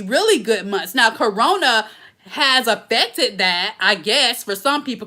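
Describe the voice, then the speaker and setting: A woman's voice: a little high, sharp tone. A woman, hosting a casual live Q&A and talking emphatically straight to her viewers. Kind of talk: casual live-stream chat.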